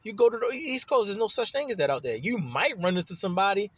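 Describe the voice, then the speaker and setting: A Baltimore man with a high, husky voice rambles through a story, swearing freely and getting animated as he goes. The sound is dry and close, with no room around it. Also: fast talker, no echo. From Baltimore, USA. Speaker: vlogger telling a personal story. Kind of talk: casual storytelling monologue.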